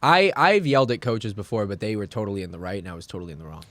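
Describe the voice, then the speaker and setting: Fast-talking young man, animated storyteller. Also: fairly low pitch, very noisy. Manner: quick, animated storytelling, swearing. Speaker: podcast co-host. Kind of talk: casual chat.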